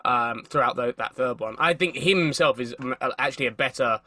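A man's voice: medium pitch, brisk, sharp tone. A man chatting casually on a podcast. He rambles, restarts his sentences often, and swears casually. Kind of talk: casual chat.

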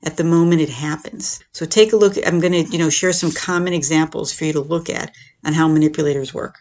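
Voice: mid-range voice, a little fast. A podcast host explaining things in a casual, conversational way, often checking in with "right?" and "you know". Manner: acts out quoted lines in a lifted, animated voice. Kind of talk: casual explanatory talk on relationships.

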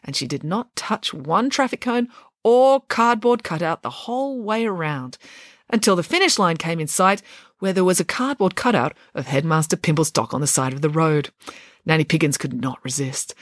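Woman narrator, lively, playful audiobook read, low-ish voice. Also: no room sound, clean studio sound.

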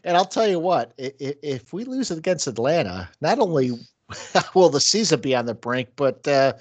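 A man's voice: fairly high pitch, normal speed, no echo. A man hosting a casual sports podcast, joking with his co-hosts. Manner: joking, animated sign-off. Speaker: podcast host.

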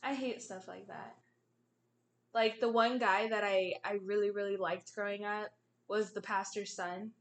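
A young adult woman co-hosting a casual chat, animated and giggly as she reacts. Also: mid-range voice, measured pace. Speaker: podcast co-host.

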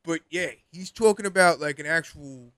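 A man's voice: on the high side, normal speed, fairly bright tone, smooth, no echo. Rambling young man on a podcast. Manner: rambling, laughs often, heavy use of "like". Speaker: podcast co-host. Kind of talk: casual chat.

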